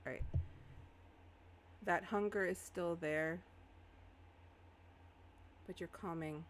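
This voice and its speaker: A woman's voice: lowish voice, steady tone, extremely slow, a little hiss or hum. A woman narrating a tabletop game as game master in a casual, hesitant way.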